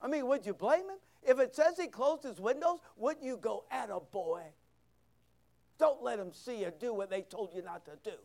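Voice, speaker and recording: A man's voice: very high-pitched, lively intonation, a little fast, few pauses, a little mellow. A man preaching a sermon as pastor, reading scripture aloud and asking the listeners questions in a conversational way.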